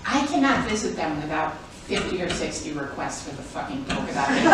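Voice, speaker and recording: A woman's voice: on the high side, animated, normal speed. A woman giving a comedic spoken-word performance, chatty and profane, laughing often. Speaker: stage performer. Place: live performance venue. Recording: very echoey room, mic far off, audible noise.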